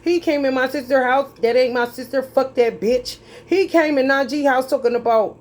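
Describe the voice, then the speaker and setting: A woman's voice: high voice, moderate pace, hardly any pauses. A woman giving a tarot reading in a heated, preachy and profane monologue, drawling and emphatic as she talks straight at her viewers. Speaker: tarot reader.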